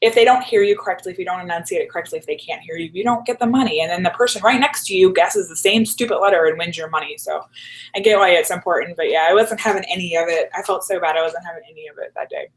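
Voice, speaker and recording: A woman's voice: lowish voice, fast talker, rough recording. A woman telling stories in a casual interview, chatty and full of "like" fillers. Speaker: guest. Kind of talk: casual storytelling chat.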